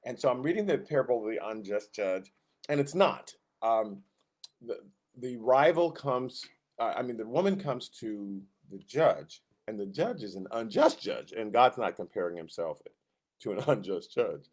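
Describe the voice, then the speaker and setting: Man, Sunday school teacher; casual, animated Bible teaching, mid-pitched voice, acts out quotes. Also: normal speed. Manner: animated, acts out quotes in raised voice, self-interrupting.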